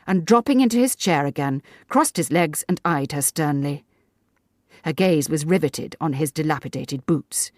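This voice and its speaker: A woman narrating a classic short story for an audiobook in a measured, even manner. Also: low-pitched, dry recording, clean studio sound.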